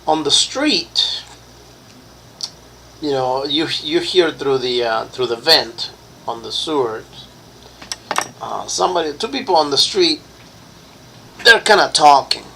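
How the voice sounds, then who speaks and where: A slow-talking man runs a tabletop horror game, his voice gravelly and mid-pitched. He stops often to search for words and fills the gaps with ums and uhs. A faint hiss sits behind him. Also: expressive, bright, forceful tone, poor audio. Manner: halting, searching for words with many fillers. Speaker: game master.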